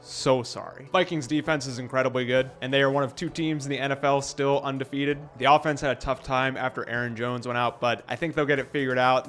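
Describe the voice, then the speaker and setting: A man's voice: mid-range voice, a bit bright. A man hosting a scripted sports commentary vlog, delivering rankings with sarcastic, joking asides. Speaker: sports video host.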